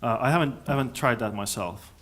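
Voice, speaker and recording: A man speaking at a conference, answering audience questions in a thoughtful, halting way with many restarts. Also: mid-range voice, fairly bright tone. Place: conference hall.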